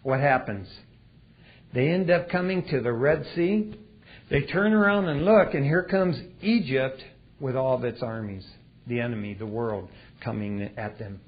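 A man preaching a sermon in a folksy way, swinging between loud and hushed delivery. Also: mid-range voice, lively intonation, a little slow, slightly rough. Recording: dull lo-fi recording.

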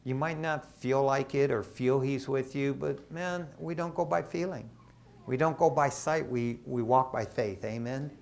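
Male pastor, middle-aged, from Michigan, casual storytelling sermon, lively asides. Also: mid-range voice, unhurried, creaky. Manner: conversational, animated storytelling with asides. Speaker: associate pastor.

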